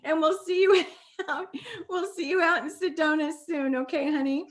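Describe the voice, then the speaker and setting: A woman's voice: high voice, fairly even intonation, normal speed. A woman hosting a masterclass over a video call, talking affectionately and getting emotional, calling the listener sweetie and honey. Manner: warm, affectionate, tearful at times. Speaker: masterclass host. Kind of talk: live video call talk.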